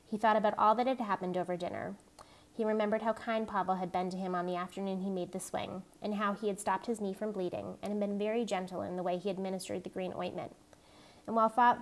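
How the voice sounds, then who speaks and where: A woman reading a novel aloud in a steady, even narrating voice. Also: mid-range voice. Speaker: reader.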